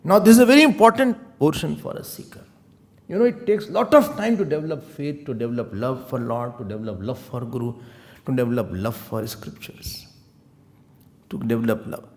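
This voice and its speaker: A man giving a spiritual discourse as a teacher, telling stories in an animated way. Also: mid-range voice, creaky. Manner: animated storytelling, mixing in Hindi phrases.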